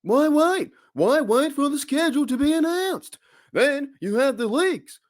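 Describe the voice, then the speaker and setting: A man's voice: very high voice, animated, a little slow, pitched above the performer's own voice. A man with an Australian accent doing an impression of a whiny male stand-up comic, firing off indignant rhetorical questions. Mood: ranting.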